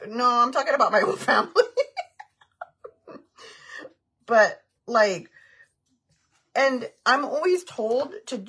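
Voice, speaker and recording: A woman's voice: fairly high pitch, animated, normal speed, long pauses, a bit bright, husky. A woman chatting on a livestream, answering viewer comments in a frank, heated, rambling way.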